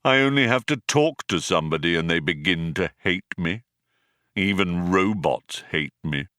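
A man's voice: low voice, no room sound, studio quality, pitched below the performer's own voice. Marvin, a man doing a droning depressed robot. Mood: dejected. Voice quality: muffled flat drone. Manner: slow, dejected and mournful. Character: gloomy depressed male robot, droning and self-pitying. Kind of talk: audiobook character voice.

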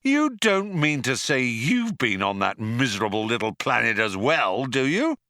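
A man's voice: mid-range voice, big pitch swings, unhurried, sharp tone, no room sound, clean studio sound, pitched above the performer's own voice, heavily acted. A man reading an audiobook, voicing a laid-back male galactic traveller who drawls to sound cool. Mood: exasperated.

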